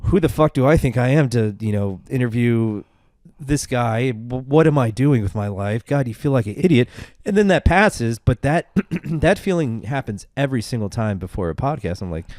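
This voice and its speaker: A man's voice: medium pitch, expressive, normal speed, darkish tone, dry recording, clean studio sound. A man with a Texan accent hosting a podcast, blunt and self-deprecating, swearing casually. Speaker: podcast host. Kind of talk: casual conversation.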